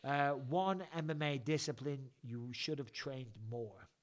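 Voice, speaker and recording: A man's voice: medium pitch, measured pace. A middle-aged English man hosting a casual live chat, rambling through stories and swearing freely. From England. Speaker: podcast host.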